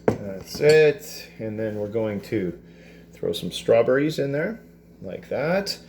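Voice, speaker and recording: A man teaching a cooking class, talking through a dessert step by step in a relaxed, chatty way with self-deprecating asides. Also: fairly low pitch, slow, background noise. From Canada. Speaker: culinary teacher. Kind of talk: cooking demonstration. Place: school kitchen.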